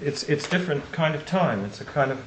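An older man giving reflective closing remarks at a conference, and slowing down to stress lines of poetry. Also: a little high, lively intonation, background noise. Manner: reflective, recites poetry with slow emphasis. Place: lecture room. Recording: roomy hall echo.

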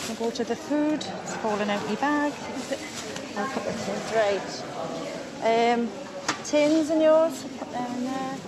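A woman plays a kindly, chatty food bank volunteer with a Geordie accent and a high, light voice. She talks in a practical, reassuring way. A loud crowd chatters around her in the film scene. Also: slow pace. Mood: busy. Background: busy crowd chatter.

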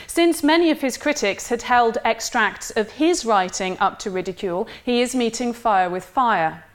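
A woman giving a literature lecture in a measured, wry way, reading quoted passages aloud. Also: on the high side, lively intonation.

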